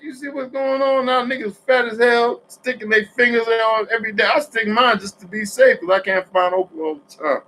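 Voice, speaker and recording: A man from New Jersey talking in a rambling, profane monologue, swinging between loud outbursts and quiet asides. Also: very high-pitched, a little fast, few pauses, low-quality recording.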